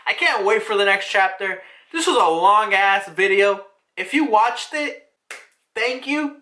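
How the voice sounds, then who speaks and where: An excitable woman talking through a comic chapter in a loose, casual recap, cursing freely as she goes. Her voice is bright and lively, bouncing around a lot in pitch. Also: measured pace, echoey room. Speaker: manga reviewer.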